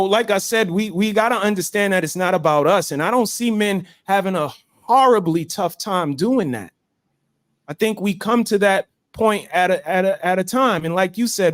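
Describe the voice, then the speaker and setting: A man's voice: high voice, no echo. A man hosting a live stream, talking emphatically like a preacher and repeating phrases. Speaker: show host. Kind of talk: motivational chat on a live stream.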